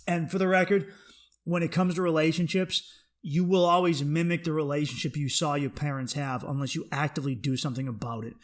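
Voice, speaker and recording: A man's voice: a little high, fairly even intonation, fairly quick. A man, a stand-up comic, hosting his podcast with a blunt, profane, rambling comedy monologue.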